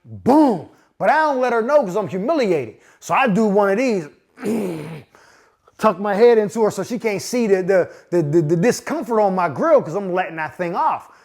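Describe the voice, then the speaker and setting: A man in his forties from Pittsburgh spins a comedic personal tale in loose street slang, his fairly high voice leaping all over the place. He talks straight to the listener with constant asides and acts out the people in his story. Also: sing-song, brisk, hardly any pauses, a little mellow. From Pittsburgh, USA. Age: 40s. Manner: frequent asides of "you know what I'm saying". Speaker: podcast host.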